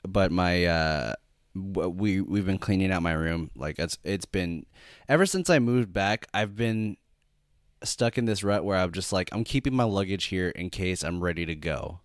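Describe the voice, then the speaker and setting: A man co-hosting a podcast, chatting casually in a halting, rambling way with many restarts. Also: deep voice, no echo, clean studio sound. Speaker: podcast co-host. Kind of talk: casual chat.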